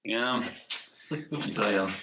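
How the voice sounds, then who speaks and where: A man's voice: on the low side, slow pace, pushed and bright. A male priest hosting a video call, telling jokes in a playful way. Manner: playful, laughing easily. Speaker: priest, host. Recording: echoey video call with faint noise.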